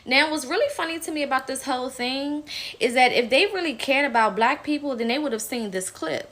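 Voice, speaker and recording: Female vlogger, blunt opinion commentary, slightly high pitch, sharp bright tone. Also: a little fast. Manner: blunt, emphatic, swears when riled. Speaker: political commentator.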